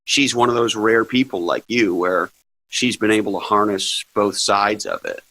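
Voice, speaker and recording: A male podcast host with a low but forceful, bright-edged voice chats bluntly and jokes with his guest. The sound is dry and close. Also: sing-song, moderate pace, dry recording, low-quality recording. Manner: blunt, conversational, jokey. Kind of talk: casual interview chat.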